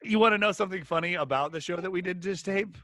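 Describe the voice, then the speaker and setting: A man co-hosting a podcast, telling stories in a halting, rambling way with lots of restarts. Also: high voice, fairly bright tone, no room sound, clean studio sound. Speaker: podcast co-host. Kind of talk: casual comedic chat.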